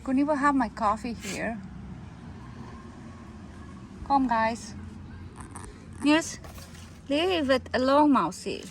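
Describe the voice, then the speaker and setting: Woman, slow unhurried speech, fairly high voice, coaxing her pets, outdoors on a phone, faint ambience behind. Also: animated, a little hiss or hum. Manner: coaxing and scolding her cats. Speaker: vlogger with pet cats. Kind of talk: casual chat to cats and camera. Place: garden outdoors.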